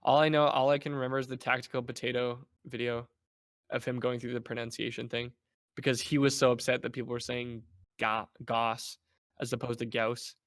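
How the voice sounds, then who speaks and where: A man chatting casually as a guest on a podcast, animated and playful, slipping into mock voices. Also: mid-range voice, quick pace. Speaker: guest, game developer.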